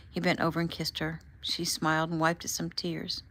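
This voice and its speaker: A woman author casually reading her own novel aloud in a relaxed, conversational way. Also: deep voice, normal speed, few pauses, no echo. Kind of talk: casual audiobook narration.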